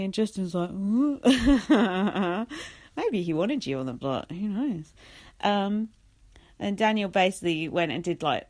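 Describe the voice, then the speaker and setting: A young woman vlogging a casual recap, sarcastic and sweary, full of "like" and "um". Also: lowish voice. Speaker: vlogger recapping a reality show.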